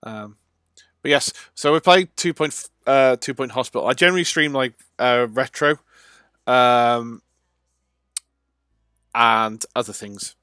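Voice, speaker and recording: During a casual let's-play livestream, a man comments loosely and chattily on a video game, pausing often with ums and uhs. His middle-pitched voice has a sharp, clean tone. The sound is dry and close, without room echo.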